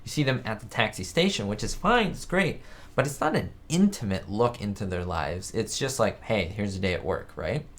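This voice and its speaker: A slightly low-voiced man from the United States chats casually on his live stream. He rambles from one thought to the next and reads viewer comments aloud as he goes. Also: big pitch swings, moderate pace. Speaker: host of a live chat show. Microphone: webcam setup.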